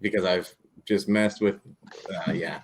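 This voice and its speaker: A man appearing as a guest on a casual livestream, laid-back and quick to laugh loudly. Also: deep voice, steady tone, slight background noise.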